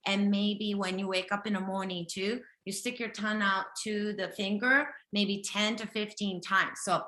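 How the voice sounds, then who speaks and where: A woman's voice: medium pitch, steady tone, moderate pace, pushed and bright, reverberant. A woman from Japan with a slight Japanese accent and Japanese as her first language, hosting a live health reading and talking directly and insistently, often checking in with "okay?". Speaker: intuitive health reader hosting a live session. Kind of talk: live one-on-one reading with a participant.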